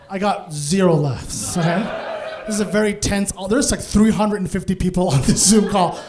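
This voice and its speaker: A man doing stand-up storytelling on a comedy stage, animated and laughing through his lines. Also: high voice, moderate pace, noisy background.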